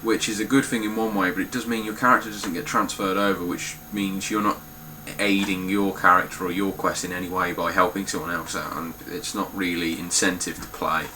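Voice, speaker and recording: A man's voice: sits low, steady tone, brisk, few pauses, bright, forceful tone, a little hiss or hum, poor audio. A young man talking casually through his game collection, blunt and swearing freely. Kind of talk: casual spoken collection walkthrough.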